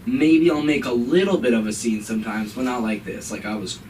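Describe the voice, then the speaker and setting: A young comedian on an open mic stage tells a story in a steady, mid-pitched voice, now and then raising it to play other people. He sounds a little distant from the mic. The room's ambience is clearly audible behind him. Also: brisk, a little hiss or hum. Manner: storytelling, acts out his mother in a higher voice. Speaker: stand-up comedian. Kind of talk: stand-up comedy set.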